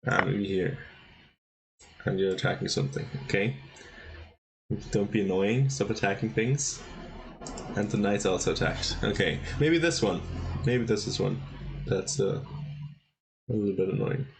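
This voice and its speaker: A man's voice: lowish voice, measured pace, creaky, long pauses. Chatty man commentating chess live. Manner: chatty, thinks aloud, exclaims at blunders.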